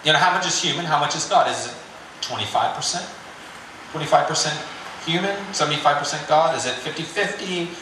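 Chatty guy giving a sermon, bright voice, big echoey room, lots of you-knows. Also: a little high, brisk, a little hiss or hum. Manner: conversational and joking, with filler "you know". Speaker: pastor.

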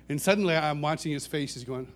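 A middle-aged man, a worship songwriter, telling personal stories to a church audience in a warm, chuckling, self-deprecating way. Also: on the high side. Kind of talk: anecdotal storytelling talk.

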